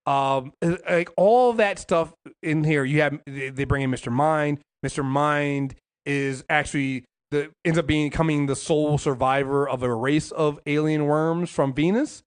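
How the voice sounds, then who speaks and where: A man's voice: a little high, measured pace, few pauses, smooth. A man co-hosting a casual podcast, talking in long rambling runs with many restarts and some swearing. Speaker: podcast co-host. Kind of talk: casual comics podcast chat.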